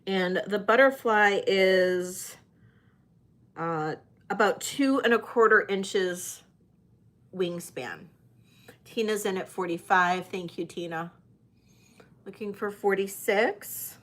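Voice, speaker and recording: Casting: unhurried woman auctioneer on a live stream, chatty, lots of ums, mid-range pitch. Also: a bit bright. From United States. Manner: chatty, hesitant with many fillers.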